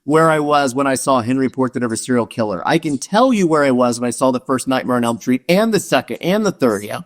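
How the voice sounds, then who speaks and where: A man's voice: mid-range voice, expressive, fast talker. A man hosting a podcast, asking his guest questions in casual chat, earnest and hesitant with many fillers. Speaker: podcast host.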